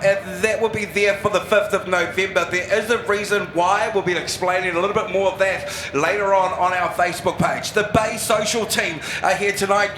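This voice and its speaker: A man's voice: high voice, bright, forceful tone, roomy sound, slight background noise, rough recording. A man commentating live at a speedway, hyping up the crowd. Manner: upbeat, hypes the crowd. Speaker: speedway announcer.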